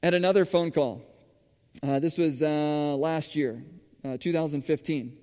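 A man with a somewhat high voice preaches in a relaxed, chatty way, with plenty of fillers and restarts as he tells his stories. The sound carries a long reverb from a church hall. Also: a little slow. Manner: conversational, with frequent fillers and restarts. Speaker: church speaker running a school farm. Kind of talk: sermon-style storytelling.

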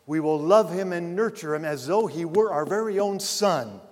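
A man's voice: fairly high pitch, expressive, normal speed, in a large hall, voice pushed up, lightly acted. A man preaching, speaking as a compassionate mother who welcomes a guest, in a slightly raised voice. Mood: welcoming. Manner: warm, welcoming. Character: warm, compassionate middle-aged mother on the phone.

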